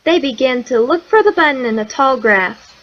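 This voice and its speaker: A woman reading a children's picture book aloud in a slow, gentle storytelling way. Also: high voice, animated, muffled recording. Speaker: storybook reader.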